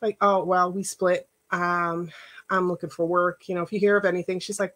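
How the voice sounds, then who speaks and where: A woman's voice: fairly low pitch, little pitch movement, normal speed, fairly bright tone. A middle-aged woman life coach giving a casual workshop talk, earnest and emotional, chatty with many asides. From Northwest Indiana, United States.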